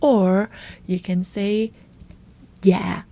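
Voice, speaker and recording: Slow, mellow-voiced woman teaching. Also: mid-range voice. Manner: slow, careful, repeats example words to model pronunciation. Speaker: language teacher. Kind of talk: language lesson.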